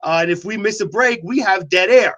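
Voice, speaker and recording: A man's voice: sits high, brisk, background noise. A man co-hosting morning radio, rambling and defensive, with lots of filler words. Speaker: radio co-host. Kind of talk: casual morning radio banter.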